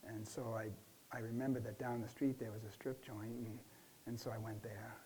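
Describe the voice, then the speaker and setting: A man playing a stressed client in a counseling role-play, telling his story haltingly with many restarts and fillers. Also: lowish voice, flat delivery, warm tone, a little hiss or hum, close to an everyday voice, poor audio. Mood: ashamed. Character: stressed middle-aged man recounting a relapse.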